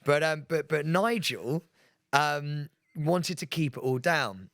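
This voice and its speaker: A man's voice: on the high side, lively intonation, slow, fairly bright tone, no echo, clean studio sound. A man co-hosting a podcast, telling stories with lots of energy, laughing and acting out what others said. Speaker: podcast co-host. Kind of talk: excited anecdote telling.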